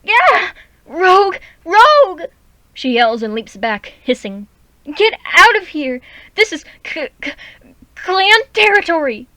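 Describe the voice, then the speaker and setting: A woman voicing a manipulative female cat spirit in a borrowed body, sweet and flirty at times and shrill and hissing at others. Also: moderate pace, no echo, lightly acted.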